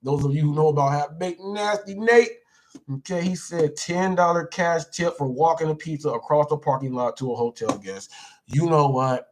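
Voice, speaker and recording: A man's voice: a little high, normal speed, slight background noise. Playful, chatty male live-stream host. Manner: animated, repetitive, playful banter with viewers. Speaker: live show host reading viewer comments. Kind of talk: casual live-stream chat.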